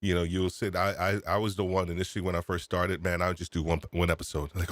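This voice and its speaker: A man hosting a live podcast chat, excitable and laughing, often repeating himself, speaking into a desk microphone. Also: sits low, fast. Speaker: podcast host. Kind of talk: casual live-stream chat. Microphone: USB desk microphone.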